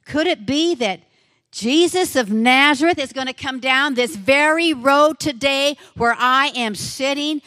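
A woman's voice: medium pitch, sing-song, measured pace, fairly bright tone, no echo, studio quality. A woman voicing a desperate blind beggar. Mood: eager hope. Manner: crying out, pleading.

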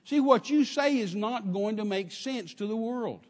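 A man's voice: high voice, lively intonation, a little slow, long reverb tail. An older man with a Texan accent preaching a sermon in a church, telling a story with emphatic repetition and calling out to the congregation. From Texas. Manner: emphatic storytelling, repeats phrases, calls out to congregation.

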